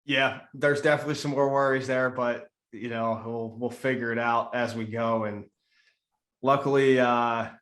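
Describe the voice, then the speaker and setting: A man hosting a casual podcast chat, talking in a laid-back, halting way with repeated starts. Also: mid-range voice, fairly even intonation, fairly bright tone. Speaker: podcast host and pro baseball player. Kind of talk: casual conversation. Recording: echoey room sound.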